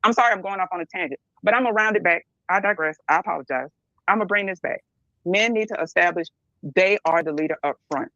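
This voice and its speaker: A woman's voice: lowish voice, fast, sharp tone, dry recording, highs cut off. A middle-aged woman speaking bluntly and emphatically as a podcast guest, often checking in with "right?". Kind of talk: candid podcast discussion.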